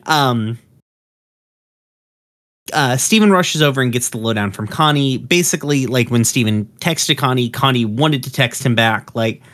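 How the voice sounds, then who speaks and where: A man's voice: mid-range voice, normal speed, a bit bright. A man rambles through a casual cartoon recap. He stumbles over fillers and restarts, dropping curse words as he goes. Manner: rambling, full of ums and uhs, profane. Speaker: episode recapper.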